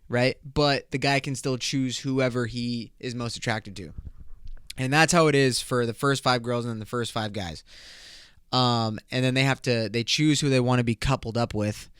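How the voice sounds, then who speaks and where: A man's voice: mid-range voice, fairly bright tone, clean tone, no echo, clean studio sound. A young man hosting his own podcast, chatting casually in slangy, profane talk and laughing often. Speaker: podcast host. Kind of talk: casual solo podcast chat.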